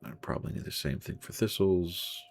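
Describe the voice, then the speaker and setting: Very deep, gravelly-voiced male streamer. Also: brisk. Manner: mutters through looting while reacting to chat. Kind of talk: casual live game commentary.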